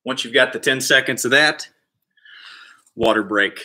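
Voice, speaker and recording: Bright, upbeat man coaching kids' PE. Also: medium pitch, unhurried. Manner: energetic, playful cheering and counting; shouts with excitement during exercises. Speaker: kids PE coach. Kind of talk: live online kids exercise class.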